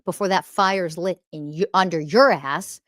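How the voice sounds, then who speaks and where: A woman's voice: lowish voice, a little slow, no room sound, studio quality. Profane, scolding woman podcast host. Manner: swings between loud emphasis and quiet muttering. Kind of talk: ranting monologue.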